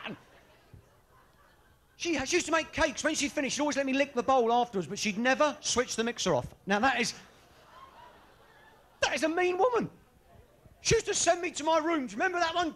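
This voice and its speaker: A man's voice: extremely high pitch, animated, a little fast, pauses often, fairly bright tone. A man doing a cheeky, bawdy stand-up routine, bantering with a live audience. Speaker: stand-up comedian. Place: live comedy venue with audience.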